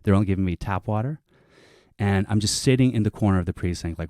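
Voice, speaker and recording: A man telling a long comic story on a panel show, animated and swearing, acting out other people's lines. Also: lowish voice, fast, no echo, clean studio sound.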